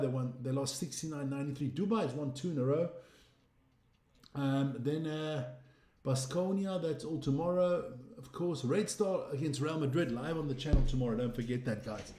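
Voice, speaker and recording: A man's voice: on the high side, mellow, reverberant. A man hosting a sports channel, chatting casually through basketball results while browsing them for viewers.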